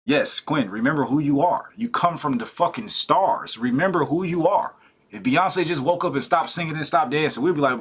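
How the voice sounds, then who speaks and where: A man's voice: medium pitch, expressive, moderate pace, a bit bright, husky. A man commenting on a video he reacts to, emphatic and profane, scolding and laughing often. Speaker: reaction streamer.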